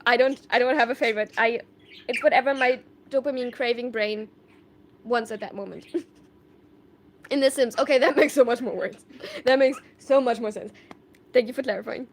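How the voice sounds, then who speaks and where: Girl live streaming, high voice, chatty, reads out comments and giggles. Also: a little hiss or hum. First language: German. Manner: chatty, reads viewer comments aloud, laughs often. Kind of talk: casual live stream chat.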